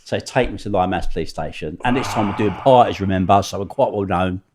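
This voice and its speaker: A middle-aged man, a podcast guest telling animated stories full of swearing. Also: low voice, fast, noisy background. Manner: animated, swearing, acts out other people's voices. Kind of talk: storytelling anecdote.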